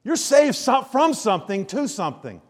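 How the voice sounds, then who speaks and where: A man preaching a sermon, telling homely stories with emphatic, drawn-out phrases. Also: very high-pitched, very animated. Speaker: pastor. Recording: long reverb of a large hall.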